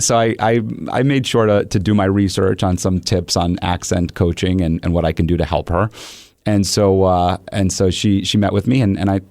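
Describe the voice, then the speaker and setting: Deep-voiced guy hosting a podcast, tells stories with lots of acted-out quotes, dry sound. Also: brisk, dry recording. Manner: animated storytelling with acted-out quotes. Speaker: podcast host and coach. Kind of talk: conversational interview.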